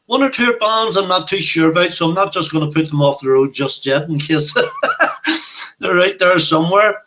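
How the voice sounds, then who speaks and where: A Northern Irish man talking as a guest in a relaxed, homely way. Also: high voice, fairly quick. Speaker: guest presenter. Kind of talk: casual chat.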